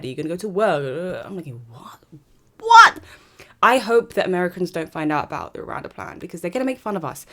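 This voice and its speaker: A woman's voice: medium pitch, darkish tone. A woman, hosting a podcast and delivering an opinionated monologue in a sarcastic, ranting, emphatic way. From Britain. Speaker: podcast host.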